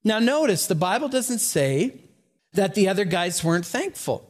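Animated high-voiced male pastor preaching. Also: moderate pace. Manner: storytelling, animated with asides and small laughs. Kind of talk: sermon.

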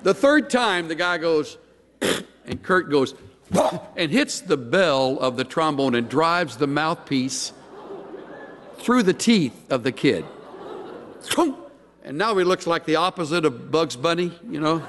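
A middle-aged man preaching a sermon as pastor, an animated storyteller who acts out quoted lines with big jumps in pitch. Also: slow pace, a little hiss or hum. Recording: long hall reverb.

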